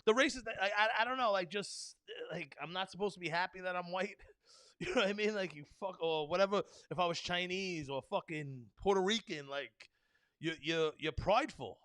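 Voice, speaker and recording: A man hosting a solo podcast, ranting in a rambling, profane stream full of fillers. His voice sits high and sounds bright and sharp. The recording is close and dry, with no room sound. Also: a little fast, no room sound. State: tired. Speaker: podcast host.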